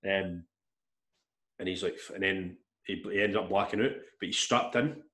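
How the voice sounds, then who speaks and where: Guy rattling off a story, swears a lot, kinda low voice, roomy echo. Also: moderate pace. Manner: rambling, animated retelling with swearing and restarts. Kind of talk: casual storytelling chat. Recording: echoey room.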